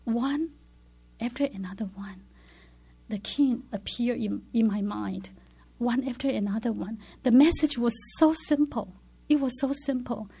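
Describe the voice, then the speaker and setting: Slow, breathy woman giving earnest testimony. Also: on the high side. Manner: earnest, drops into hushed whispers when reliving moments; acts out her inner dialogue. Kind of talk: personal spiritual testimony.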